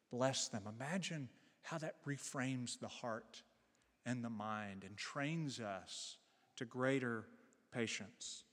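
A man preaching a sermon as pastor, earnest, slowing and softening his voice on key phrases. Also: mid-range voice. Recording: long reverb of a large hall.

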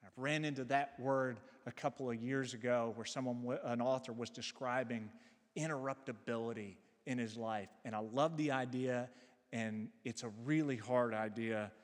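A man preaching a sermon as pastor, earnest, slowing and softening his voice on key phrases. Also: medium pitch, steady tone. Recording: long reverb of a large hall.

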